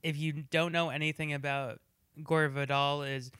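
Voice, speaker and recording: A man's voice: fairly high pitch, level tone, normal speed, a bit bright, clean tone, no echo, studio quality. A man co-hosting a casual movie review, chatty and digressive, full of trivia. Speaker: podcast co-host.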